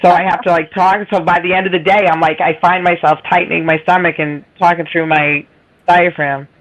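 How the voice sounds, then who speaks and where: A woman with a Boston accent and a raspy, nasal voice, rambling in casual chat. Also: on the low side, little pitch movement, fairly quick, low-quality recording. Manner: rambling, self-deprecating, laughs often. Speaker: livestream guest.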